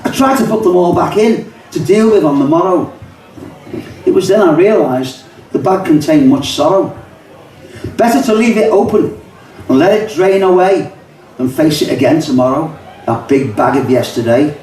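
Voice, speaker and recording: Older Liverpool poet in an echoey pub. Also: male voice, fairly high pitch, animated, moderate pace, dark tone. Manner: rhythmic, rhyming recitation with chatty asides. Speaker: poet and songwriter. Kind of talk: live poetry reading. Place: pub function room, live audience. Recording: echoey pub, mic far off.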